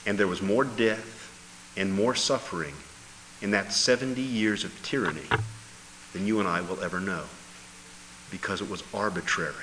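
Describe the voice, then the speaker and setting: A man preaching a sermon with emphatic delivery, dropping low and then bursting into loud exclamations. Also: moderate pace, pauses often. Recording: hall reverb with faint noise.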